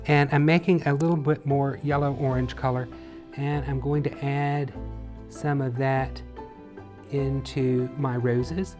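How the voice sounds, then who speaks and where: During a relaxed painting tutorial, a male instructor with a medium-pitched voice chats playfully while he works.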